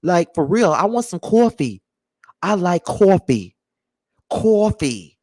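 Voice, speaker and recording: A man's voice: high voice, big pitch swings, slow pace, darkish tone, heavily acted. A man doing a playful, mocking impression of a chatty New Yorker with a New York accent. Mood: teasing. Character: exaggerated chatty New Yorker, casual and brash.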